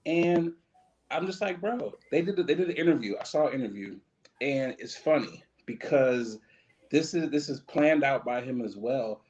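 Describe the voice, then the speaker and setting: A man co-hosting a podcast in casual comedic chat, animated and slangy, laughing often, on slightly dull lo-fi audio. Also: mid-range voice, normal speed. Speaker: podcast co-host.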